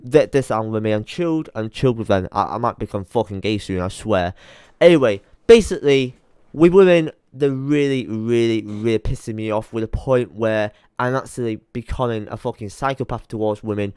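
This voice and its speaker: A man's voice: lowish voice, brisk, a little mellow, clear, resonant tone, dry recording, studio quality. A young man ranting to camera, rambling and swearing as he mutters to himself while searching his computer late at night, tired. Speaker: YouTuber. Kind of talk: frustrated rant to camera.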